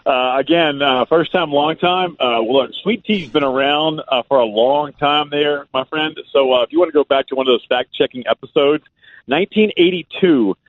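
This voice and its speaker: A man's voice: a little high, normal speed. A man with a Louisiana accent, a guest radio host talking in a folksy, rambling way full of "uh"s. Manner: folksy, drawling, lots of "uh" fillers. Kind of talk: casual radio chat. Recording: phone-like call-in line.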